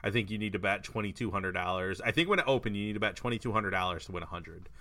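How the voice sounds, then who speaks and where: Bright-voiced male podcast host. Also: lowish voice, fast. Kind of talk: casual chat.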